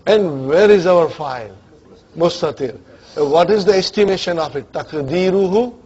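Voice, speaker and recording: Husky high-voiced man teaching grammar. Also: expressive, moderate pace, a little mellow. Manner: drills students with questions and checks they follow; mixes English with Arabic grammar terms. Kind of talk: classroom lecture. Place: classroom with students. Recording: dull lo-fi classroom recording.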